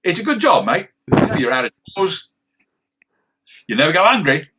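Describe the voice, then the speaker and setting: Gruff Australian sniper, blunt and dismissive, put on by a man, husky, from off-mic. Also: fairly high pitch, very animated, moderate pace, pushed and bright, dull audio, pitched above the performer's own voice, exaggerated voice. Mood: matter-of-fact. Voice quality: blunt, clipped slang delivery.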